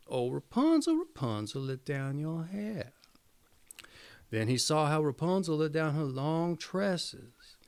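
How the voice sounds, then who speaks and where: A man reading a fairy tale aloud in an expressive, swooping storytelling manner. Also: fairly high pitch.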